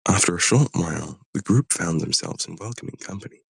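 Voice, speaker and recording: A man's voice: sits low, brisk, vocal fry, husky, no room sound. A man streamer reading a story aloud on a live stream, short of breath and pushing through. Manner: reads steadily, breaking off to cough and apologize.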